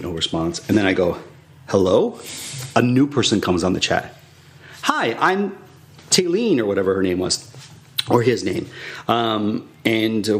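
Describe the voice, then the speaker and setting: A man co-hosting a comedy podcast, telling a long complaint story in a lively voice that swings up and down in pitch. He acts out both sides of the conversation, shifting to mock-indignant tones. Medium pitch overall. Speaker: podcast co-host.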